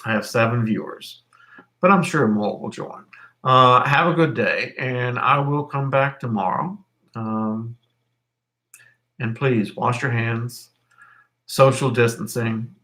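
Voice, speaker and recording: A man's voice: medium pitch, slow, pauses often, sharp tone. A middle-aged man teaching history over a live stream, rambling and correcting himself with many fillers.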